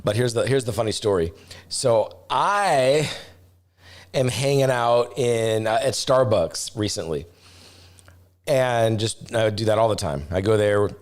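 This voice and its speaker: A middle-aged man, a travel vlogger, telling a story casually, rambling with restarts and getting animated as he acts out voices. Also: on the low side, unhurried.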